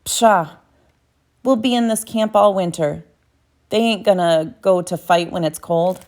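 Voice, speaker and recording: A woman's voice: on the low side, unhurried, a little mellow, natural voice. A woman reading a blunt, offhand soldier man. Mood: dismissive. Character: blunt male soldier, dismissive.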